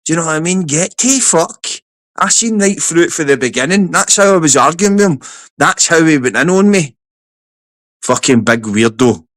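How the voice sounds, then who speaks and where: A man's voice: fairly high pitch, moderate pace, dry recording. A Scottish man hosting a livestream, chatting casually and telling stories with lots of swearing. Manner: sweary, animated storytelling. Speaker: livestream host. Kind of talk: casual stream chat.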